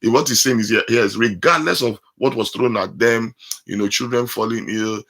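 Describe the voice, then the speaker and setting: A pastor preaching a sermon, explaining scripture line by line with many fillers. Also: male voice, mid-range voice, moderate pace, fairly bright tone.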